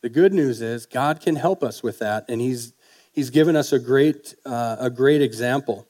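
Male preacher, folksy, chatty sermon delivery, asks the room questions, average pitch. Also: normal speed, darkish tone. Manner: folksy, conversational, with fillers and rhetorical questions.

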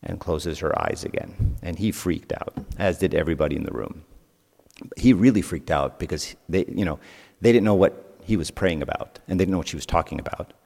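A man preaches to a youth group in a church hall, telling stories in a loose, conversational way. His voice sits on the low side. He often stops to put questions to the room, and long reverb from the hall trails each phrase. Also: fairly quick, gravelly, a little mellow. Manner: conversational storytelling, asks the audience questions. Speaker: youth speaker. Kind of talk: sermon.

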